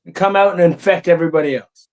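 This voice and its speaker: High-voiced podcast host, rambling. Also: male voice, quick pace, darkish tone, rough recording. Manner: loose, rambling, repeats himself. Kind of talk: casual comedy podcast banter.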